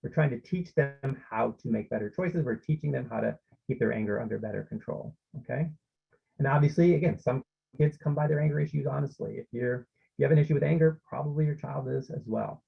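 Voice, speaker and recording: A man's voice: medium pitch, a little fast, gravelly, husky, dull audio. A man presenting an online parenting workshop, explaining steps and often checking in with his listeners.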